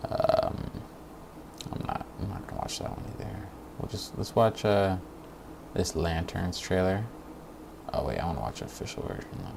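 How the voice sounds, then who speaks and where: A man's voice: low-pitched, animated, normal speed, vocal fry, pauses often, noisy background. A man hosting a stream, giving casual reaction commentary in a blunt, profane and mocking way, laughing often. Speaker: streamer host.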